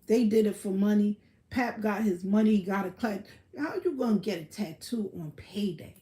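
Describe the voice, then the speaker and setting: A woman's voice: medium pitch, moderate pace, dark tone. A woman hosting a livestream, ranting casually in a blunt, profane, boastful way. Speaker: livestream host.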